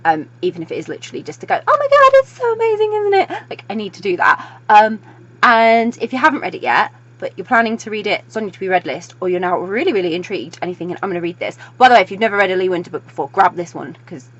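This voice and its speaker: A young woman gushes about a book she loves, talking fast and breathlessly with plenty of fillers. Her voice sits on the lower side for a woman. The recording sounds dull and lo-fi. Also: a bit bright. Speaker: book reviewer. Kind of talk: excited video book review.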